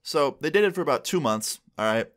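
A young man telling a story casually for his vlog, animated and full of fillers. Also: on the high side, a little fast. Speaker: vlogger.

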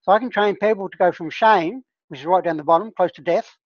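This woman's fairly low voice moves at a quick pace with no echo, heard on a dull lo-fi call line. She is a plant medicine healer and facilitator leading a discussion group in a casual teaching talk. Earnest and conversational, she regularly checks in with a "right?"

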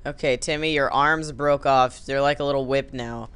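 A man's voice: medium pitch, fairly even intonation, normal speed, a bit bright, smooth, dry recording. A man giving goofy, jokey commentary while playing a game, sometimes acting out a scolding dad. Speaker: let's play commentator. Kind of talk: casual gameplay commentary.

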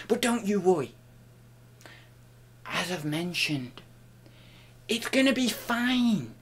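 A man hosting a comic vlog, playful and mock-grandiose, jumping between loud outbursts and hushed murmurs, at times talking while chewing. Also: high-pitched, sing-song, takes it slowly, pauses often, slightly rough. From United Kingdom. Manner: talks while chewing an apple. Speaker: online reseller and channel host.

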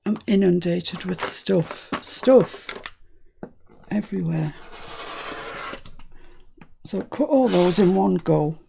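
A woman's voice: on the low side, takes it slowly, vocal fry, pauses often, background noise. A British woman hosting a crafting tutorial, chatting and thinking aloud as she works. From United Kingdom.

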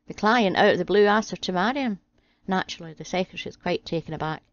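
Low-voiced woman reading jokes. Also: fast. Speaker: channel host reading jokes. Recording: dry, slightly dull home audio.

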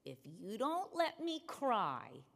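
Anguished weeping god, a woman putting it on mid-sermon, voice pushed way up high, slow, long echoey hall. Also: huge pitch swings, gravelly, exaggerated voice. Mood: pleading. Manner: pleading, anguished. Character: grieving, weeping God begging to cry. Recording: long hall reverb in a sanctuary.

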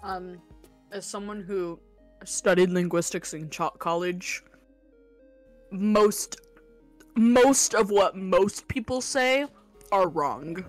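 A woman's voice: medium pitch, takes it slowly, pauses often, faint music behind. A woman streamer chatting casually, emphatic and opinionated as she explains her views. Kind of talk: casual chat.

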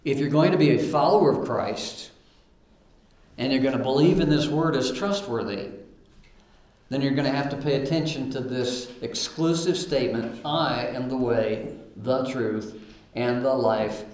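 A man preaching a sermon in a church hall, his mid-pitched voice carrying a roomy echo. He reads scripture aloud and breaks into plain asides, with fillers and restarts. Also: measured pace, a little mellow.

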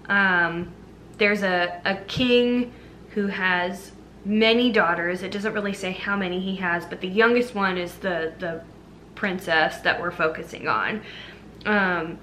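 In a casual storytelling review for her movie vlog, a young woman chats her way through a fairy tale, packing in plenty of fillers. Her medium-pitched voice has a fairly bright tone, and the recording carries slight hiss or hum.

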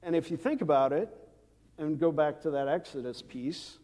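A man preaching a sermon as pastor, measured and unhurried, with frequent "uh" fillers and the odd dry aside. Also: fairly high pitch, warm tone. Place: church sanctuary. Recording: long church hall reverb.

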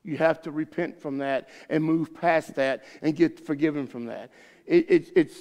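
A man pastor leads a Bible study, his slightly high voice carrying a gravelly texture. He rambles through a homespun story with frequent false starts. The sound carries a long church-hall reverb. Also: normal speed, darkish tone. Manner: folksy, rambling storyteller with many restarts. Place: church sanctuary.

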